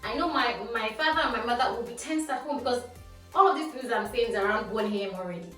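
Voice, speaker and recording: Animated young Nigerian woman, echoey room. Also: a little high, fast. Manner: lively, animated storytelling with Nigerian Pidgin phrases. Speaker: vlogger. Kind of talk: casual storytime. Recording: echoey room, voice from a distance, faint music.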